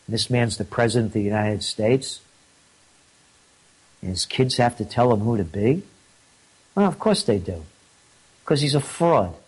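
A man's voice: lowish voice, breathy edge. A man hosting an opinion commentary, indignant and mocking, his voice rising when he gets riled. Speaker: host.

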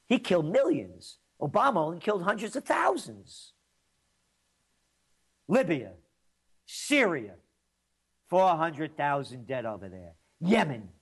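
Ranting New commentator, high lively voice, slow, mocking delivery. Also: male voice. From New York. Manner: combative, sarcastic, mocking. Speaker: commentator and host. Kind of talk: ranting political monologue.

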